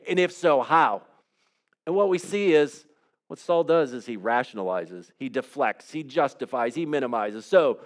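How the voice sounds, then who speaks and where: Casting: lively male pastor, fairly high voice, storytelling sermon. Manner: storytelling, acts out quotes, rhetorical questions.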